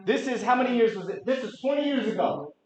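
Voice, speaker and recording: A man in his late thirties presenting a real estate market update to a room, energetic and quizzing the audience. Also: extremely high pitch, fast. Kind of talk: interactive office presentation. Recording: echoey room, dull lo-fi sound.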